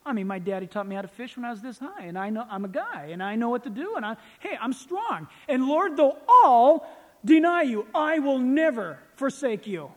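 A man's voice: high voice, sing-song, quick pace, hardly any pauses, big-room sound. A man voicing a boastful, overconfident male fisherman disciple who swaggers as he talks. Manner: bragging, swaggering.

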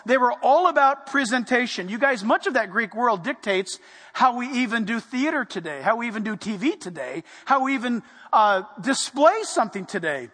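A man preaching a sermon, animated and playful, dropping to a hush for emphasis. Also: very high-pitched, normal speed, in a large hall. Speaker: pastor.

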